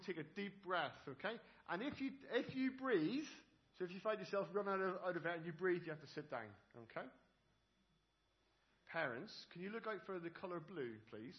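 In a church service, a preacher gives a playful children's talk, speaking directly to the kids and peppering them with questions. His voice sits a little high and his manner is lively. The audio sounds dull.

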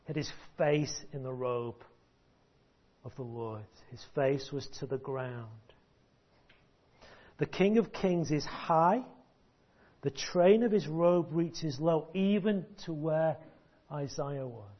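A man preaching a sermon, emphatic and deliberate, with long pauses, repeated words and sudden hushed drops. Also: on the high side. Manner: drops to a hush at key points. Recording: dull lo-fi recording.

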